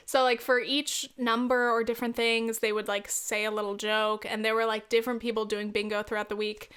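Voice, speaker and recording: A woman hosts her own podcast, telling stories in a loose, chatty way. She laughs easily and swears casually, and her voice sits a little high. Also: little pitch movement, a little fast, few pauses, a bit bright, clean tone. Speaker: podcast host. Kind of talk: casual solo podcast storytelling.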